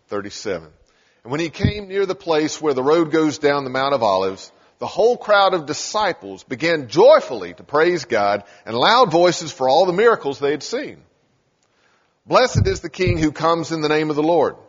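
A man preaching a sermon, telling scripture stories and acting out the lines. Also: on the high side. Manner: storytelling, acting out scripture scenes. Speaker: pastor. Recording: dull sound in a large reverberant hall.

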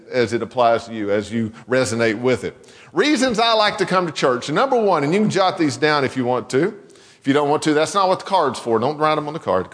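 A man with a high voice preaching a relaxed, folksy sermon, telling a story and circling back on his words as he goes. His voice rings with the long reverb of a church hall. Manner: conversational, folksy storytelling with many restarts. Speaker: pastor. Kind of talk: sermon with a told joke. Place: church sanctuary.

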